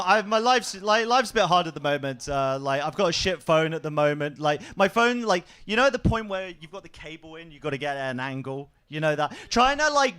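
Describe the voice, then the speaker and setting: Bright, high-voiced young comedian. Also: male voice, smooth. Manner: animated, acts out voices in quick bursts. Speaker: stand-up comedian. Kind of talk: stand-up set. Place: comedy club stage.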